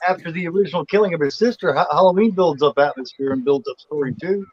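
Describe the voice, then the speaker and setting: A man's voice: a little high, quick pace, dull audio. A man chatting casually on a video call, laid-back and often saying "man" and "you know what I mean". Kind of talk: casual group video chat.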